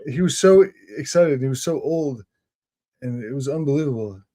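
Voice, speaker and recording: A man's voice: mid-range voice, expressive, moderate pace, mellow. A young man co-hosting a casual comedy chat show, telling rambling stories and laughing as he goes. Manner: storytelling, laughing often, dropping into silly voices. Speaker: co-host.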